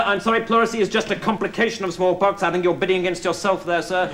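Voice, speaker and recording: A man in a sketch running a hospital bed auction with brisk auctioneer patter before a live audience. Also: high voice, steady tone. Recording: noisy 1980 comedy vinyl with live audience.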